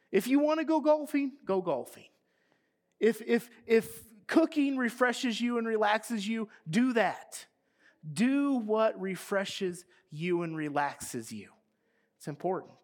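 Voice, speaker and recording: A man's voice: high voice, animated, a little slow. A man preaching a sermon as pastor, reading scripture aloud and asking his congregation questions.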